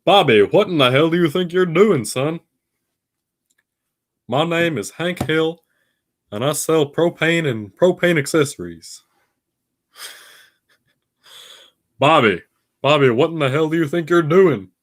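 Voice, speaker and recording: A man imitating a gruff middle-aged propane-salesman dad from a cartoon, scolding in a drawl, his voice raised well above his own low pitch. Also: animated, slow pace, long pauses. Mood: exasperated.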